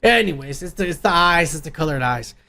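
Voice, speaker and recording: A man's voice: on the high side, lively intonation, fairly quick, bright, forceful tone. A man hosting a podcast, delivering an angry, profane rant in a movie review and swearing constantly. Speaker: podcast host.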